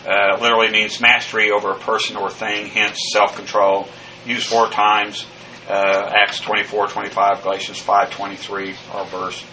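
A man's voice: lowish voice, sharp tone, recorded from a distance, slight background noise, rough recording. Methodical male Bible teacher, set back from mic. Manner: methodical, spells out Greek words letter by letter; frequent "uh" fillers and restarts. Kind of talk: verse-by-verse Greek Bible lesson.

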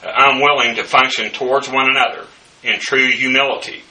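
A man's voice: medium pitch, fairly even intonation, a little fast, bright, forceful tone. A man teaching a verse-by-verse Bible study, spelling out Greek words letter by letter with many fillers. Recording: echoey room, voice from a distance, faint hiss.

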